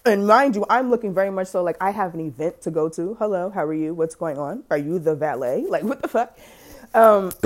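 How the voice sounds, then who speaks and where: A woman, hosting a podcast and telling a story in a casual, animated, profane, slang-heavy way. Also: lowish voice, fairly quick. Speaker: podcast host.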